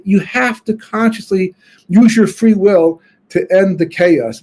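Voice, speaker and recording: This weekly Torah class comes from a rabbi whose high voice sounds a little mellow and slightly rough. His talk is a conversational lecture, told as informal stories and thought out aloud with frequent restarts.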